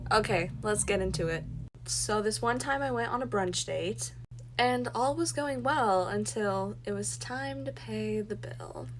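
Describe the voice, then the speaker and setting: A woman telling a story about a bad date to the camera, with a lively, indignant manner. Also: medium pitch, a little slow, music in the background, poor audio.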